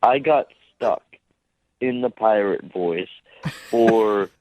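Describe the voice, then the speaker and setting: A man calling in to a radio show, telling his story slowly and a little sheepishly over the phone. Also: on the low side, darkish tone. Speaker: caller. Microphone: telephone. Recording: phone line.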